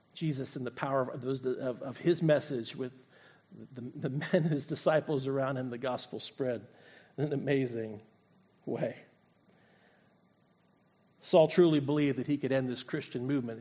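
A man's voice: mid-range voice, darkish tone, husky. A male pastor preaching a sermon, retelling a scripture story and acting out its voices. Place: church sanctuary.

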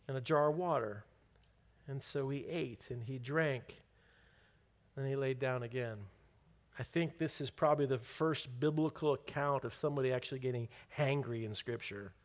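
Joking, conversational preacher man. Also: medium pitch. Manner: conversational, joking, drawn-out stresses. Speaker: pastor. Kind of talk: sermon.

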